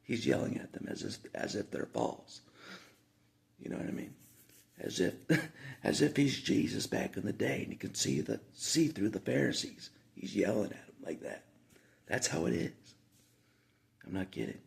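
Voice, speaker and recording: A man's voice: lowish voice, sing-song, moderate pace, creaky, pauses often. A man talking casually to the camera in a rambling monologue, repeating himself with frequent asides.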